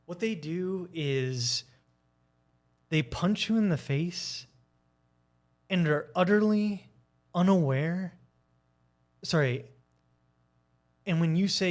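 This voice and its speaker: A video essayist delivers a casual, candid personal monologue with lots of energy, playing out arguments in shifting voices and cursing occasionally. His pitch sits fairly high, and he speaks slowly with frequent pauses.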